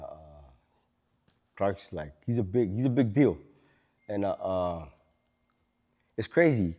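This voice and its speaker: A man hosting a casual podcast, enthusiastic and loose with his slang. His voice is low and mellow, and a long, hall-like reverb trails behind it. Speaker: podcast host.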